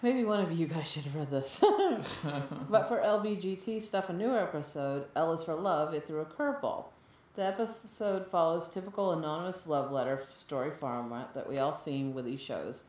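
Low-voiced woman in a roomy space. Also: normal speed. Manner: laughs often, animated when joking. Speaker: podcast co-host reading listener email. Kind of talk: casual podcast chat. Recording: roomy echo.

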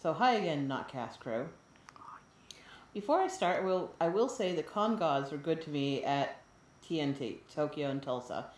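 A woman co-hosting a casual podcast, laughing often and turning animated when she jokes while she reads out listener mail. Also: low voice, normal speed. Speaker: podcast co-host reading listener email. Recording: roomy echo.

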